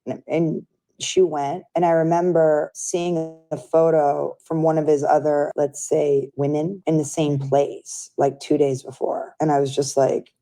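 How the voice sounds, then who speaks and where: A woman's voice: sits low, level tone, a little slow, mellow. A woman telling a personal story in a casual interview, chatty and full of fillers. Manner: chatty, filler-heavy, acts out quoted voices. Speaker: friend recounting events.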